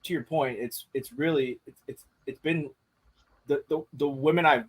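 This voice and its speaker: A man's voice: medium pitch, moderate pace, slightly rough. A man in casual podcast chat, speaking candidly with frequent swearing and restarts. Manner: candid, profane, many restarts.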